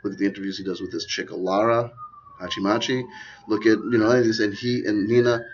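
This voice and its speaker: Man, lowish voice, sardonic, digressive commentary, lots of asides, dull lo-fi recording. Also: fairly even intonation, quick pace, slight background noise. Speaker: video commentator. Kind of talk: rambling conspiracy commentary vlog.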